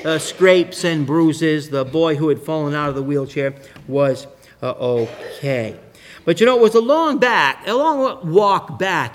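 A high-voiced male preacher who takes his time, drawing the story out slowly. His pitch swings widely as he builds tension and then drops to a hush. He tells the tale like a sermon illustration. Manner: slow, dramatic storyteller with sudden rises and drops in voice.

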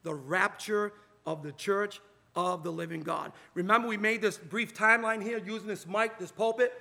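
Bright high-voiced male preacher. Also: fairly even intonation, gravelly. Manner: emphatic, drawn-out preaching delivery with scripture quotes. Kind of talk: sermon. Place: church sanctuary, at a pulpit. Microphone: pulpit mic.

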